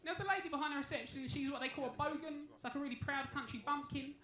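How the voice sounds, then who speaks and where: A man's voice: very high voice, rapid-fire. A young man doing a crude, cheeky stand-up set on a comedy club stage. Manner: cheeky, crude, deadpan storytelling. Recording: echoey club room, faint noise.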